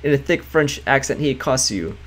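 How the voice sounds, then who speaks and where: A man's voice: mid-range voice, expressive, fairly quick, fairly bright tone. Chatty man streaming a game. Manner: chatty, laughs often, reads game text aloud. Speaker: gaming writer streaming a game. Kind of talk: casual let's-play commentary.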